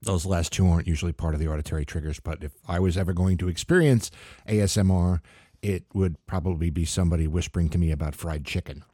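Low, mellow-voiced man hosting comedy. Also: fast, no room sound, studio quality. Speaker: comedy podcast host. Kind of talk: scripted comic monologue.

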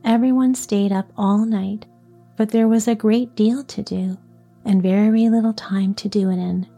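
Woman storyteller, gentle whispery narration, slow and husky, dark mellow tone, faint music behind. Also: mid-range voice, fairly even intonation. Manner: soft, often whispery delivery.

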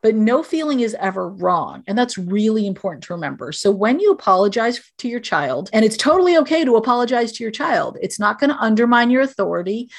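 A woman's voice: on the high side, sing-song, a little fast, few pauses. A middle-aged woman, a guest on a podcast, gives parenting advice in an earnest, direct, explanatory way.

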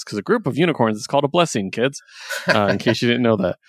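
A man's voice: mid-range voice, lively intonation, dry recording. Chatty guy retelling a story, laughs a lot, dry sound. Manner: chatty, laughs often, retells scenes with quick quoted voices. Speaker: comic book reviewer. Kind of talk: casual chat.

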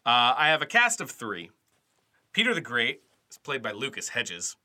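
Man, casual podcast chat, bright tone, filler-heavy, jokey. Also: mid-range voice, huge pitch swings, normal speed. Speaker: podcast co-host.

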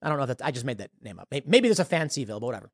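A man hosting political commentary, talking in an animated and scornful way. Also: mid-range voice, racing, no room sound, clean studio sound. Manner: animated, acts out quoted voices, scornful. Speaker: show host.

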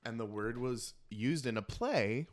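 A man hosting a casual podcast chat, campy and animated, telling stories with lots of laughter while eating. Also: mid-range voice, a little slow. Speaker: podcast host. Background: eating while talking.

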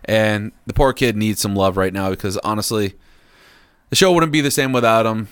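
A man's voice: on the low side, moderate pace, clean tone, no echo, clean studio sound. A man co-hosting a podcast in casual chat, crude and joking, swearing often. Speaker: podcast co-host.

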